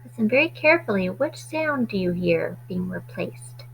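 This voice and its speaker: A woman teaching a phonics lesson to children, stretching out sounds slowly and deliberately. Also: mid-range voice, lively intonation, creaky, a little hiss or hum, poor audio.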